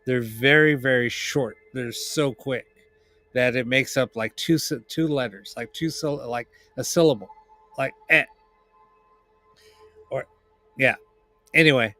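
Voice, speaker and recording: A man's voice: medium pitch, a bit bright, no echo. A man explaining paranormal audio apps on a live stream, rambling with many restarts and fillers. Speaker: paranormal investigator. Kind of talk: casual live-stream chat.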